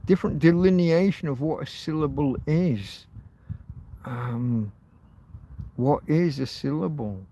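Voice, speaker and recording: Slow-talking guy rambling on his livestream, lots of ums and restarts, bit of faint hiss behind. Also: a little high, mellow. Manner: meandering, thinks aloud with many ums and restarts. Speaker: livestream host. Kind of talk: rambling casual livestream chat. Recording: faint background noise.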